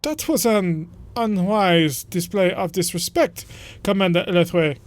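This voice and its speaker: A man's voice: sits high, measured pace. A man voicing a haughty male noble envoy who issues cold, formal threats while reading game dialogue. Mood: menacing.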